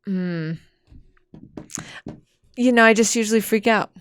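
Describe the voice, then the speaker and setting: A woman's voice: fairly high pitch, a little slow, long pauses, fairly bright tone, smooth, no room sound. A woman co-hosting a parenting podcast in casual chat, mostly giving short agreeing replies and speaking reflectively. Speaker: podcast co-host.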